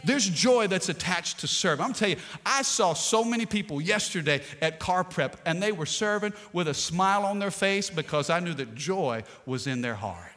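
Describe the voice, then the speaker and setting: Guy pastor preaching, kinda high voice, jokey asides, big church echo. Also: lively intonation, normal speed, hardly any pauses, fairly bright tone. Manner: preachy call-and-response, playful asides. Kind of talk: sermon. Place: church sanctuary. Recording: long hall reverb.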